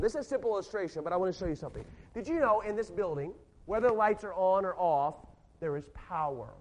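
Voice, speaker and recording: High-voiced emphatic male preacher. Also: expressive, fast talker. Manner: emphatic, repeats phrases, swings between loud and soft. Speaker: pastor. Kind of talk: sermon. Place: large church hall.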